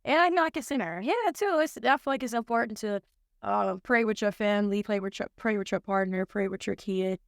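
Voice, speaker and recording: A woman's voice: medium pitch, a little fast, gravelly, clear, resonant tone, dry recording, studio quality. A woman from Cincinnati hosting a casual podcast chat between moms, chatty and laughing often. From Cincinnati, Ohio. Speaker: podcast host.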